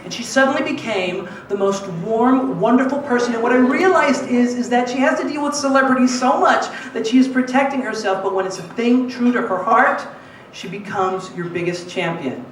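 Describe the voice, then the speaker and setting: A man's voice: extremely high pitch, moderate pace, hardly any pauses. A man telling a story on stage to a live audience, acting out other people's lines. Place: small cabaret club with an audience. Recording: echoey, distant room mic with audience noise. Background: audience laughter.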